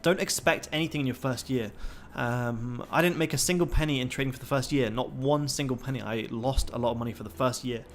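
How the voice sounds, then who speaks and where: A man's voice: medium pitch, brisk, hardly any pauses, slight background noise. A young man hosting a trading livestream, talking casually and swearing constantly in a pumped-up, motivational way.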